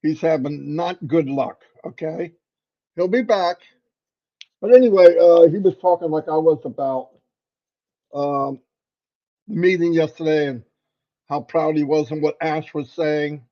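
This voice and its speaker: A man's voice: fairly high pitch, a little slow, long pauses. Playful man teasing on a video call. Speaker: livestream co-host. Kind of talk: casual livestream chat. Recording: muffled video-call audio.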